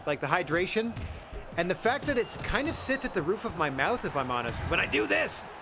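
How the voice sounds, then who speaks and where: A man streaming a game, chatting casually in a rambling, self-effacing, soft-spoken way. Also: high voice, sing-song, brisk, noisy background. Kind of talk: casual chat while playing.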